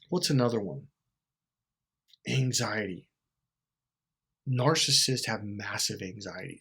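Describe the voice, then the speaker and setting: Blunt, profane husky-voiced man. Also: medium pitch, fairly bright tone. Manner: blunt and profane, acts out quoted lines; laughs often mid-sentence. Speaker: self-help video host. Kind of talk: casual monologue.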